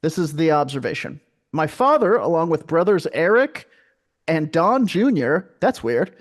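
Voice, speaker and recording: A man's voice: fairly high pitch, very animated, moderate pace. A man hosting a comedy podcast, reading sighting reports aloud and riffing with jokey asides. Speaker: podcast host.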